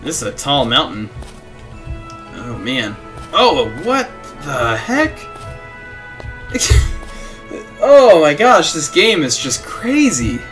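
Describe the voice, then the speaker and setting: A man's voice: mid-range voice, very animated, slow pace, long pauses, a bit bright. A young man playing a video game and chatting casually, reading game text aloud and laughing at his own antics. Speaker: gaming streamer. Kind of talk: casual let's play commentary. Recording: faint game music behind.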